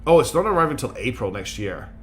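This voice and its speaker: A worn-out man streams a strategy game late at night, thinking aloud in a loose, rambling, self-mocking way. His voice sits at a middling pitch and he fills gaps with lots of ums and uhs. Soft game music plays faintly underneath. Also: big pitch swings, quick pace. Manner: rambling, chatty, self-mocking with many fillers. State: very tired. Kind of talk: casual gameplay commentary.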